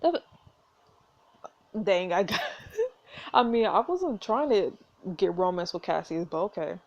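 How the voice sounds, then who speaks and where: A woman's voice: on the low side, very animated, slow pace, highs cut off. A woman hosting a gameplay video, reading a story game's narration aloud with giggly, chatty asides. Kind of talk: casual gameplay commentary with narration.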